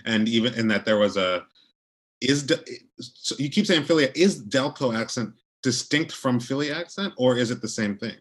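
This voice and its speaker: A man with a husky, mid-pitched voice joins a casual discussion. He speaks hesitantly, repeating words as he works out his questions. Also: expressive, moderate pace, fairly bright tone.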